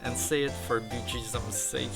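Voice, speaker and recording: A man voicing a feisty, loud country woman photographer, reading game dialogue aloud with folksy slang. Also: medium pitch, fairly even intonation, moderate pace, gravelly, pitched above the performer's own voice, lightly acted. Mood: indignant. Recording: loud game music behind.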